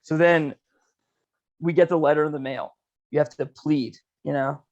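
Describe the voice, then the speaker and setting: Young male podcast host, slightly high voice, rambling profane storyteller. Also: fairly even intonation, moderate pace, muffled recording. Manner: profane, laid-back storytelling with lots of "dude" and "you know". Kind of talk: casual storytelling chat.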